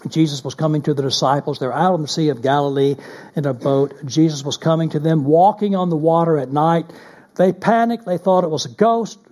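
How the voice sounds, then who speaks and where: A pastor preaching a sermon, moving between loud emphatic stretches and hushed, near-whispered passages. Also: male voice, a little high.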